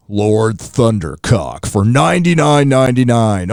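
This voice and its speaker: A man's voice: lowish voice, animated, measured pace, hardly any pauses, darkish tone, no echo, clean studio sound. A man hosting a live stream, reading viewer messages in loose, casual talk with fillers, restarts and swearing.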